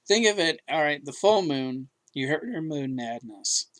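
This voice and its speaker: A man's voice: on the high side, lively intonation, a little slow, fairly bright tone. A man co-hosting a podcast, talking in an emphatic, rambling way with many restarts. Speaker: podcast co-host. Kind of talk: casual chat.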